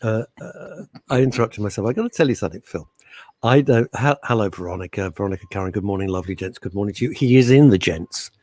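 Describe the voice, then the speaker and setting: Brash, animated man hosting radio. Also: lowish voice, quick pace, no room sound. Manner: brash, teasing, animated and opinionated. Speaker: radio show co-host. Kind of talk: casual banter on a talk radio show.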